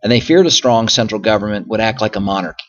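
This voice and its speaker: A man's voice: lowish voice, fast talker, fairly bright tone, highs cut off. A male history teacher lecturing through slides, explaining patiently and often circling back with "so again" and "okay?". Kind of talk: recorded classroom lecture over slides.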